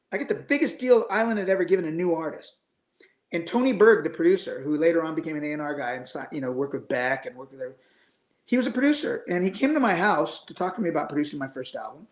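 A man's voice: fairly high pitch, echoey room. A middle-aged man in casual chat, telling blunt stories, swearing freely and acting out the voices of people he quotes. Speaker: guest musician.

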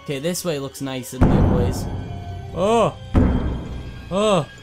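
Over loud music, a man with a medium-pitched voice talks at a normal speed. He's a let's play gamer giving nervous, swearing commentary on a horror game, often repeating words in panic.

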